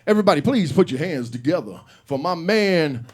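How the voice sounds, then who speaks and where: Man, comedy club host, high voice, swooping pitch, profane, rambling. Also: a little fast, slightly rough. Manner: profane, rambling, animated storytelling. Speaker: open mic host. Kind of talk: stand-up comedy hosting. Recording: live room with audience.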